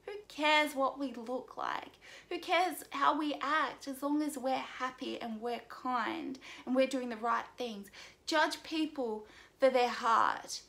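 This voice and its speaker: A woman's voice: high-pitched, slow, vocal fry, fairly bright tone. A young woman from Australia talking earnestly in a personal vlog, pleading and close to tears at times. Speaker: vlogger.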